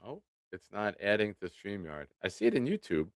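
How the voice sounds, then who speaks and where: A man's voice: fairly low pitch, normal speed, no room sound. A man in his forties hosting a live sports show, chatting casually with viewers and nursing a swollen tooth. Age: 40s. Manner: relaxed, chatty, self-deprecating. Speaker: podcast host. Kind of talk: casual live-stream chat.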